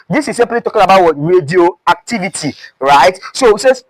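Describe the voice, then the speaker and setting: A man's voice: high-pitched, very animated, normal speed, few pauses, a bit bright, dry recording, poor audio. A man teaching chemistry exam questions in Nigerian English, who keeps asking "what?" and answering himself. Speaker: chemistry tutor. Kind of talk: exam-prep lesson.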